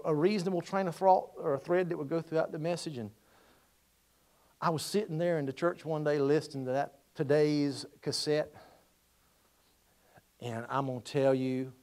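A middle-aged man preaching a storytelling sermon, folksy, dropping to quiet asides and rising to loud exhortation. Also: a little high.

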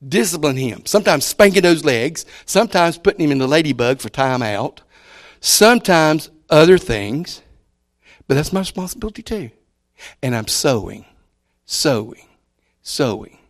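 A man delivers a folksy sermon in a slightly high voice. He leans on repeated words and lets his volume rise and fall as he preaches. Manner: folksy, repeats key words, shifts loud to soft.

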